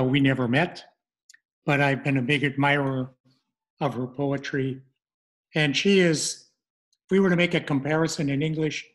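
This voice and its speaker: A middle-aged man presenting an online language lesson, speaking haltingly with many fillers and restarts. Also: a little high.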